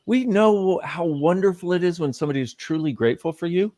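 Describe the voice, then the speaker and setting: A man's voice: high voice, expressive, fairly quick, mellow, no room sound. Emphatic male guest speaker, casual cusser, close and dry sound. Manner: emphatic, swears casually, lists ideas. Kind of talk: live conversational teaching.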